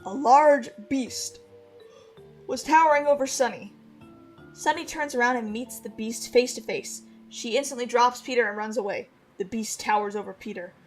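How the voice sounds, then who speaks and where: A woman reading her old fantasy novel aloud on a livestream, animated, with casual asides. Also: a little high, normal speed, soft background music.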